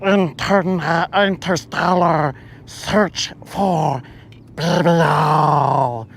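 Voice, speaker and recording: A man putting on a slow, drawling male space alien. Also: a little high, gravelly, a little hiss or hum, exaggerated voice. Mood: slow, curious. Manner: drawn-out, deliberate delivery.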